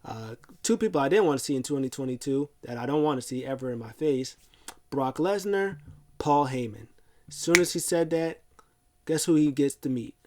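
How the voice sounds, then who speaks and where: A man's voice: medium pitch, normal speed, a little mellow. A man hosting a casual wrestling recap, retelling events in a rambling, chatty way. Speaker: host.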